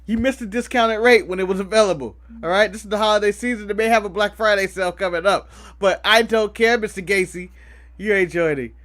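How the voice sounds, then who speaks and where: An American man co-hosts a casual podcast in a high, bright voice. He jokes around and laughs a lot, keeping the talk animated. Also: fairly quick. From United States. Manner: joking, animated, laughing often. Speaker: podcast co-host. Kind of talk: casual chat.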